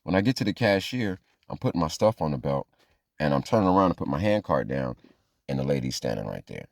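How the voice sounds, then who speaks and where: A man's voice: a bass voice, fast, vocal fry, no echo, clean studio sound. A man telling a funny true story as a monologue, acting out the people in it. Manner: animated, acts out quoted voices.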